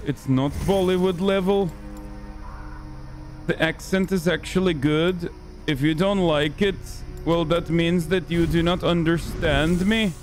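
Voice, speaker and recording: A male streamer giving joking, self-mocking commentary while playing a video game. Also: a little high. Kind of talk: gaming livestream commentary.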